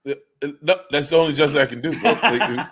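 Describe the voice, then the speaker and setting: A man's voice: on the high side, quick pace, fairly bright tone, breathy edge. A man co-hosting a comedy podcast, telling a crude story in rambling, profane casual banter. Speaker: podcast co-host.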